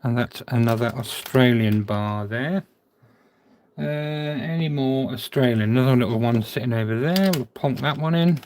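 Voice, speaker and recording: A man's voice: mid-range voice, moderate pace, darkish tone. A man with a mid-range voice talks casually to himself and his viewers as he sorts things, chatty and a little scattered. A faint hiss and the small clicks of coins sit behind him. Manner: chatty, thinking aloud, muttering to himself. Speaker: coin collector vlogger. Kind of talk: casual narration while sorting.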